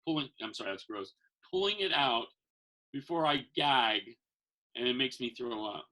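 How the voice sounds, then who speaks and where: A man's voice: normal speed, gravelly. A man, a magician who works as Santa, telling stories in a casual chat and acting out the voices of the people in them. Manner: animated, acts out quotes with big pitch jumps. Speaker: podcast guest, magician and Santa performer. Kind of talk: casual storytelling.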